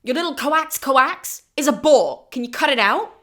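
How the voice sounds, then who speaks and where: A woman's voice: high voice, expressive, moderate pace, a bit bright. A woman voicing a whiny, self-important male god who complains melodramatically in a retold play. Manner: whining, melodramatic.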